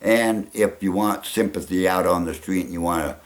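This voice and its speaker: A man with a gravelly voice talking in a rambling casual monologue, chuckling often and trailing off. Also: deep voice, normal speed. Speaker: vlogger.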